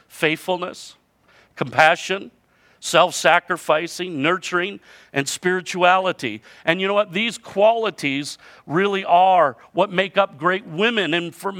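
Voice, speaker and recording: A man's voice: fairly high pitch, pushed and bright. A middle-aged man preaching a sermon in a conversational way, repeating words and building to emphatic points. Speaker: pastor.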